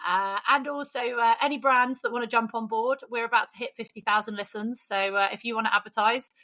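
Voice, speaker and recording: A woman co-hosting a podcast, chatting in a teasing, brisk and direct way. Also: fairly high pitch, steady tone, pushed and bright. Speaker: podcast co-host. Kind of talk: casual chat.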